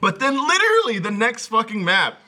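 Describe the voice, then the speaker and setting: High, lively man laughing through anecdotes. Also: brisk. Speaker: podcast co-host. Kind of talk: casual group chat.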